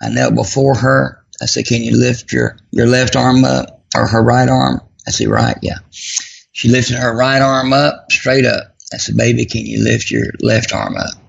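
A man telling a personal story in a folksy, self-deprecating way, with a gravelly voice. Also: mid-range voice, fairly even intonation, measured pace, highs cut off, slight background noise. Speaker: guest.

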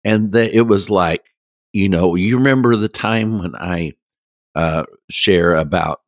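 Gravelly deep-voiced man telling a story. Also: no echo, studio quality. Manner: folksy, halting, many restarts, laughs. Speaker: guest. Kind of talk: storytelling in a casual interview.

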